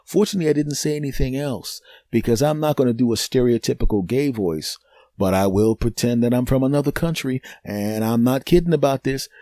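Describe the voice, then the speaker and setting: A man telling a comic story on his podcast, his voice mellow and unhurried at its core. He talks in an animated, chatty way and keeps checking in with the listener. The recording is dry and close. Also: mid-range voice, dry recording. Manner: animated, conversational, with frequent "right?" asides. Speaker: podcast host.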